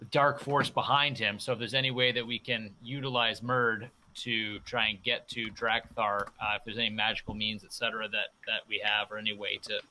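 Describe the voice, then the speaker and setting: Man, tabletop player, halting, low pitch, faint noise. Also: bright, forceful tone, low-quality recording. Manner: hesitant, halting. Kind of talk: tabletop game discussion.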